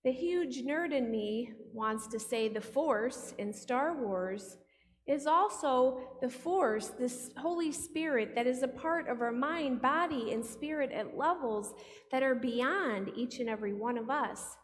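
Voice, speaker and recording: Woman pastor preaching slowly in a reverberant hall. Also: high-pitched, lively intonation. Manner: playful, asks the congregation questions. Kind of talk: sermon.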